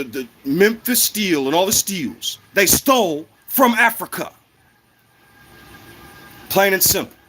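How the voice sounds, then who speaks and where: Heated high-voiced man ranting. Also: pushed and bright. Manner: heated, profane, repetitive. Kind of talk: casual monologue rant.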